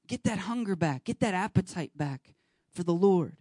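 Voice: mid-range voice, expressive, moderate pace, mellow, no room sound, studio quality. A pastor preaching earnestly and urging the listeners directly, now and then acting out short bits of dialogue. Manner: acts out short dialogue scenes. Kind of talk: sermon.

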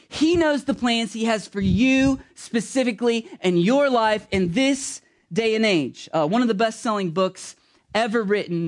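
A man pastor giving a sermon in a casual, joking way, talking straight to the congregation and slowing down to stress key words. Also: high voice. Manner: slow, emphatic when stressing key words.

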